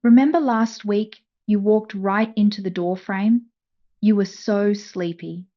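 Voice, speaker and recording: A woman voicing a doting husband who teases and reassures in a soft, affectionate way. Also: high voice, steady tone, unhurried, highs cut off. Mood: coaxing.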